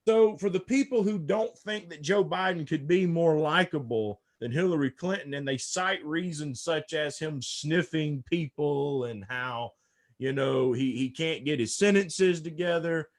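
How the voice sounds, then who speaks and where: On a casual podcast, a male political commentator talks politics emphatically in a high-ish voice at a measured pace. He tends to repeat a word several times before he gets going.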